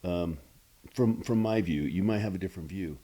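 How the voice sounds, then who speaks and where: Low-voiced, rambling podcast host man. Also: dark tone, breathy edge. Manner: rambling, halting questions with many restarts. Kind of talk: casual interview chat.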